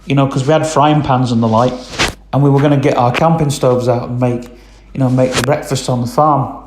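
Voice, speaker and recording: A man's voice: medium pitch, steady tone, a little fast, echoey room, noisy background. A man telling a long casual story, rambling with lots of ums and "I says". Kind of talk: casual spoken anecdote.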